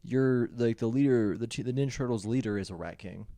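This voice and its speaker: A man's voice: medium pitch, fairly quick, mellow, no echo. A young man co-hosting a gaming podcast in a laid-back, laughing way, often calling his friend dude. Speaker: podcast co-host. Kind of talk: casual gaming podcast chat.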